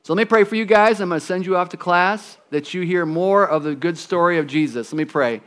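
A pastor telling a story and preaching to children, animated, swinging from loud lifts to quiet drops. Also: male voice, high-pitched, fairly quick.

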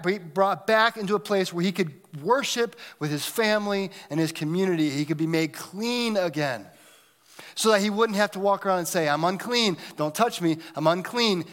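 Guy preaching a sermon, kinda high voice, gets loud then drops to a near whisper. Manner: dynamic preaching, swings between loud emphasis and hushed near-whispers. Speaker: pastor.

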